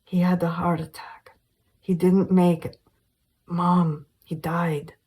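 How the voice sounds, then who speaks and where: A woman's voice: on the low side, level tone, takes it slowly, dark tone, slightly rough. A woman voicing a grown doctor daughter speaking tenderly to her mother in a screenplay reading.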